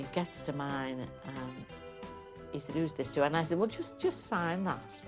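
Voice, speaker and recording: An older woman with a Liverpool accent, telling stories in an interview and acting out the voices of people she quotes. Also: a bass voice. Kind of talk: reminiscing interview.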